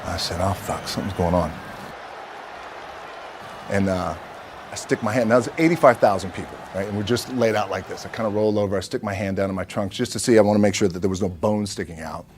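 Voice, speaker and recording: A man with a fairly low voice tells a story to athletes in a relaxed, conversational way. He swears freely and speaks loosely. Faint noise sits behind him. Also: quick pace. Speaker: former wrestler speaking to athletes. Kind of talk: casual storytelling talk.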